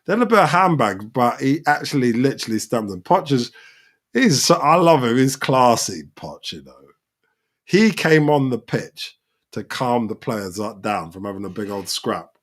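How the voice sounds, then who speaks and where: Excitable football fan reacting live. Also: male voice, medium pitch, normal speed. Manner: excitable, shouts at players on screen. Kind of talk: live match reaction commentary.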